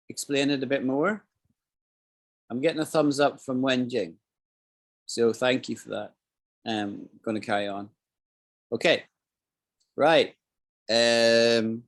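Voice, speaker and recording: Scottish man teaching an English lesson. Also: medium pitch. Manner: explains slowly, repeats phrases, checks for understanding. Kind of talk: live online English lesson.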